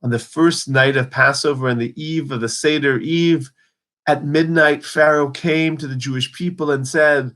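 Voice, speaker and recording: A man's voice: fairly high pitch, steady tone, moderate pace, a bit bright. Guy giving a holiday lesson, earnest, acts out the quotes a bit. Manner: earnest, storytelling, dramatizes quotes. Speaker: teacher. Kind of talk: holiday teaching talk.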